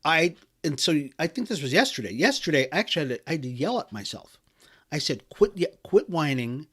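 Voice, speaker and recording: A man's voice: fairly high pitch, big pitch swings, quick pace, fairly bright tone, breathy edge. A middle-aged man hosting a podcast, delivering an emphatic motivational talk with frequent restarts and fillers. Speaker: podcast host.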